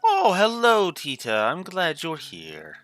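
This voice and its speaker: A man's voice: mid-range voice, very animated, moderate pace, sharp tone, no room sound, soft background music. A man putting on a folksy old innkeeper woman. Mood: fond. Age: older. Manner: homespun old-fashioned sayings, fussing over the girl. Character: folksy elderly woman innkeeper, warm and chatty. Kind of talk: reading game dialogue aloud with voices.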